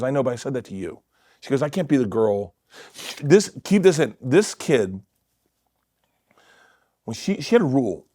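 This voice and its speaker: A middle-aged man telling stories in a casual podcast chat, laughing often and dropping to quiet mutters. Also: fairly high pitch, no room sound, clean studio sound. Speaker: comedian guest. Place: podcast studio.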